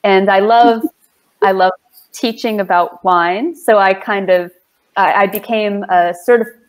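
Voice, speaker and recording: An American woman from Long Island, a sommelier, answering interview questions in an unhurried, clearly articulated way with frequent light laughs. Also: mid-range voice, fairly even intonation. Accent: neutral American, regional accent deliberately lost. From Long Island, New York. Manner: slow, deliberately clear speech with frequent laughs. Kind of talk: casual interview.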